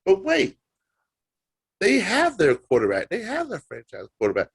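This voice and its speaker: A man's voice: high voice, wildly swooping pitch, moderate pace, creaky, husky. A man co-hosting a sports podcast, ranting emphatically and with disbelief. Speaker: podcast co-host. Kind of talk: casual sports banter.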